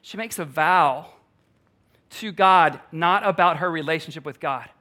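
A man's voice: on the high side, measured pace, pushed and bright. A male pastor preaching a sermon, emphatic, repeating key lines and putting questions to the congregation.

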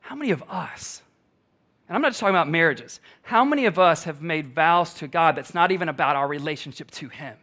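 A man's voice: on the high side, animated, quick pace, few pauses, pushed and bright. A male pastor preaching a sermon, emphatic, repeating key lines and putting questions to the congregation.

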